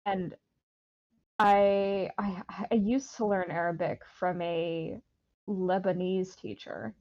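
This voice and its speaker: Brief: excitable, rambling woman, mid pitch, dry muffled lo-fi mic. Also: takes it slowly, dry recording. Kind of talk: casual chat. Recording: dull lo-fi mic.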